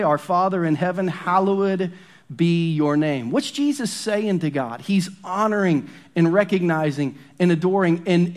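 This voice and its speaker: A high-pitched pastor preaches a sermon in a church, speaking emphatically and often dropping into a hushed, intense tone on key points.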